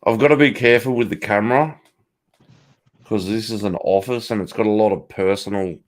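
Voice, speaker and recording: A man's voice: fairly low pitch, brisk. A middle-aged Australian man hosting a casual livestream from a home office, swearing freely, joking and laughing often as he answers chat. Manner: profane, jokey, laughs often, reacts to chat. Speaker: livestream host.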